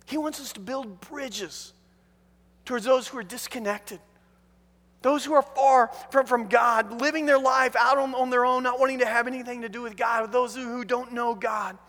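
A man preaching a sermon as a pastor, telling the story in an animated way with many restarts. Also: very high-pitched, normal speed, big-room sound.

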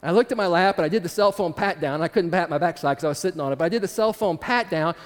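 Male preacher with a high voice, telling a story in a chatty way to a crowd, long reverb of a hall. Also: quick pace. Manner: conversational, addresses audience with asides. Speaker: speaker addressing an audience. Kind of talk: storytelling sermon.

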